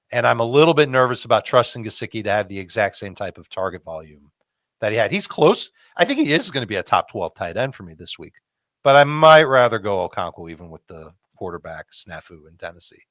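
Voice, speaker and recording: A male fantasy football analyst with a slightly low voice. He talks in a calm, measured way. The sound is dry and close. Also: no echo. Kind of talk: casual sports chat.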